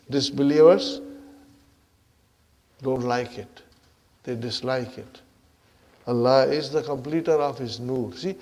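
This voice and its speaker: Reading Arabic aloud and explaining it in English, a man leads a classroom grammar lesson, repeatedly checking in with "huh?" and "are you with me?". His pitch is fairly high and his tone a little mellow.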